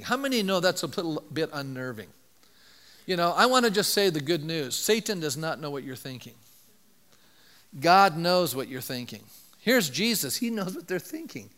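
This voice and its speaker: A male pastor with a fairly high voice delivers an animated sermon, often turning to the congregation with rhetorical questions. His voice rings out with a long reverb tail, as if picked up in a large sanctuary.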